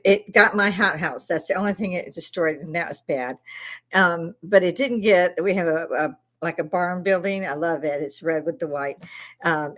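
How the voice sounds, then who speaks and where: A middle-aged woman from Chicago, an Army veteran hosting her own channel, talking casually in a blunt, profane rant and laughing often between complaints. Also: on the low side. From Chicago, USA. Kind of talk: casual ranting livestream chat.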